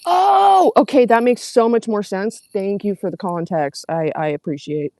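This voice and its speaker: A woman's voice: medium pitch, lively intonation, normal speed, darkish tone, no echo. A young woman, livestreaming and reading out comments in casual, sarcastic, profane chat. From Canada.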